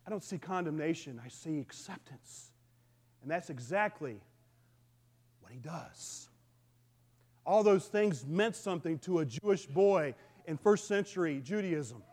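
High-voiced man preaching in a reverberant hall. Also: expressive, a little slow, pauses often, a little mellow. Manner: earnest storytelling with frequent restarts. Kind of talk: sermon. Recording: long reverb of a large hall.

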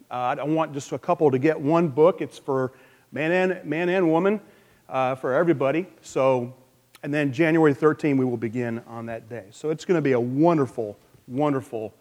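A man preaching a conversational sermon to his congregation in a church. He speaks informally, halting and repeating words as he goes, from announcements into teaching and prayer. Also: medium pitch, a little mellow. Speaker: pastor. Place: church sanctuary. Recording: long hall reverb in a large church.

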